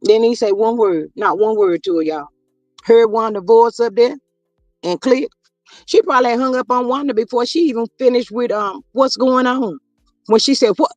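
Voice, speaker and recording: High-voiced man gossiping on a livestream. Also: moderate pace, no room sound, faint music behind. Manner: chatty, reads viewer comments aloud, drawling asides to chat. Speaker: livestream host. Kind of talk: casual gossip commentary livestream.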